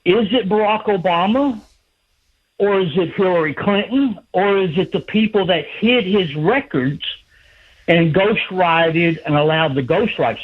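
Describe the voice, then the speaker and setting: A man with a Southern US accent calls in to a radio show, folksy and unhurried, stopping to gather his thoughts. His voice is husky and fairly high. It comes through a thin, tinny phone line. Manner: folksy, hesitant, questioning. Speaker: caller. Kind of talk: phone-in call.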